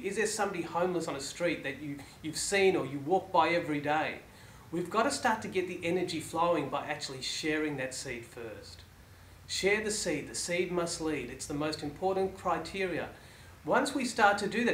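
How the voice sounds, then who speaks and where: A man giving a motivational talk to listeners, asking rhetorical questions and letting his phrases fall soft at the ends. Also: fairly high pitch, slight background noise. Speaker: motivational speaker. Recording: echoey room, faint background ambience.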